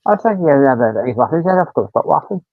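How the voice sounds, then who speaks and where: A man's voice: mid-range voice, very animated, fast, dry recording. Brief: man, fifties, rambling chatty host, tinny dry phone-like audio. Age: 50s. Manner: rambling storyteller, swears casually, acts out quotes. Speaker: livestream host. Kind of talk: casual chat.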